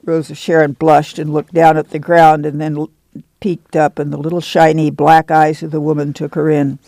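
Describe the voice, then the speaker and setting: A man reading a novel aloud in measured, steady narration. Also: on the high side, gravelly, dry recording, poor audio. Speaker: audiobook narrator. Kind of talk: scripted narration.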